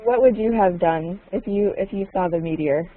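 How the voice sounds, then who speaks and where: A woman leads an online English class, asking her students questions again and again and stopping to explain new words. Her voice sits at an ordinary middle pitch. The audio comes through thin and phone-like. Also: moderate pace. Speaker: English teacher.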